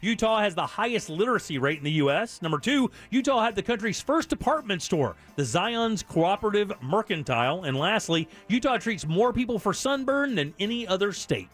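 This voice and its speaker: A man's voice: high voice, sing-song, brisk, few pauses, fairly bright tone, soft background music. A man hosting a radio show, chatting with callers in an upbeat, jokey way as he runs a trivia game. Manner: jokey, upbeat quiz-giving patter. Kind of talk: casual radio chat with callers.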